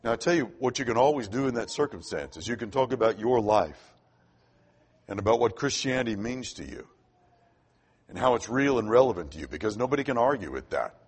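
Husky-voiced older preacher, lively pitch. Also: male voice, brisk. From Florida. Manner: conversational, repeats words when starting sentences. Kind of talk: sermon storytelling.

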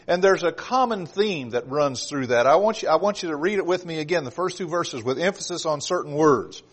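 Earnest male preacher, slightly high voice. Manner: reads scripture aloud with slow, stressed emphasis; earnest, direct addresses to the congregation. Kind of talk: sermon.

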